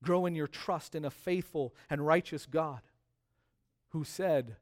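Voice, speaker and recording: Preaching as a pastor, a man emphasizes key words by repeating them, moving between quiet drops and loud rises. His voice is on the high side, and he keeps a measured pace.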